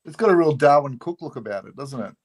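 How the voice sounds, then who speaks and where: A man's voice: medium pitch, expressive, quick pace, a little mellow, slightly rough. A man drawing live at an event, chatting casually and tossing in dry wisecracks. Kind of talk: casual chat.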